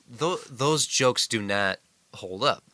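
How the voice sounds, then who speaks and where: A man co-hosting a podcast, talking through a film in a measured, analytical way during casual discussion. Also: medium pitch, animated, pushed and bright, no echo. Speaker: podcast co-host.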